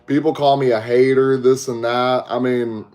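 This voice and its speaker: At normal speed and with a flat delivery, this young podcast host speaks in a medium-pitched, slightly mellow voice. He's from Texas with a Southern accent, casually chatting with livestream viewers through a headset mic and talking to chat in a laid-back, slangy manner.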